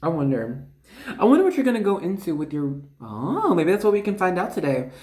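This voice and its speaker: Excitable, chatty tarot reader in an echoey room. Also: mid-range voice, brisk. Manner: excitable, chatty, full of fillers and asides. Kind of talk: casual spiritual card reading.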